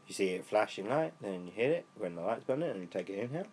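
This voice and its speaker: A young British man co-hosting a casual podcast, rambling and swearing freely, his voice worn lower from smoking. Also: sing-song, fast, a little mellow, slight background noise. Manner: rambling, swears freely, laid-back stoner talk. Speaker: podcast co-host. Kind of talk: casual chat.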